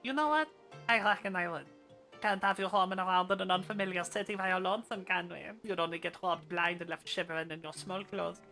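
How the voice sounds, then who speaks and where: Posh, flirtatious, gossipy male noble with a plummy drawl and a bright, sharp tone, read by a woman. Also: on the low side, fast talker, soft background music. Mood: wry. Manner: plummy upper-class drawl. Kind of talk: reading game dialogue aloud.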